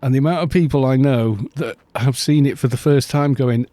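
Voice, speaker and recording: A man's voice: medium pitch, fairly quick, warm tone, no room sound. A middle-aged man chatting casually and rambling on a live game stream, laughing often.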